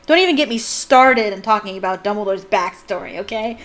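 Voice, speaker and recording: A woman reading a novel aloud and breaking off into animated, ranting fan commentary. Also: mid-range voice, normal speed, a little hiss or hum. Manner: animated, ranting, frequent laughs. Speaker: fan reader and book commentator. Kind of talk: casual read-aloud with commentary.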